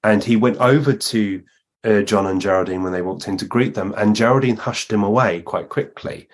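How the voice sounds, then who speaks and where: A man's voice: on the low side, normal speed. A man, a guest medium, telling long anecdotes in conversation and acting out the lines of the people he quotes. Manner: narrates at length, acting out the speakers he quotes.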